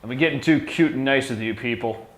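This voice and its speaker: A Canadian man hosting a pub talk show, blunt and crude, swearing freely and getting loud in heated rants. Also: medium pitch, fast talker, faint music behind. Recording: echoey pub room.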